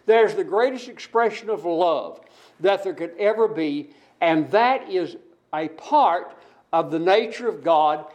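A man with a notably high voice delivers a sermon. He builds each point through emphatic repetition and keeps putting rhetorical questions to his listeners. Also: lively intonation, unhurried. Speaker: preacher.

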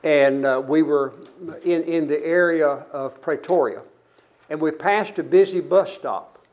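Older guy in his 70s giving a sermon, earnest, stops and restarts a lot, pitched a little high. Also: a little mellow, dull audio. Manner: earnest, halting, with frequent restarts. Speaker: preacher. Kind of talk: sermon to a congregation.

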